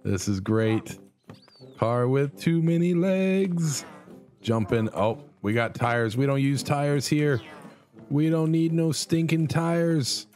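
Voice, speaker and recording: A man hosting a casual let's play, commenting on a silly game and jumping into high excited yelps. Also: slow pace, faint music behind. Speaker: gaming channel host.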